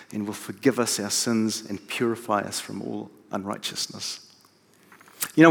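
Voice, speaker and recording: Man preaching in a reverberant hall. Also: medium pitch. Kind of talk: sermon. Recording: long reverb of a large hall.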